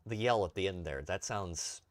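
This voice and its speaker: A man's voice: low voice, moderate pace, no room sound. A young man streaming a tank game, tired and rambling in a self-deprecating way while talking to his chat. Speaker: gaming streamer. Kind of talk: casual live-stream commentary.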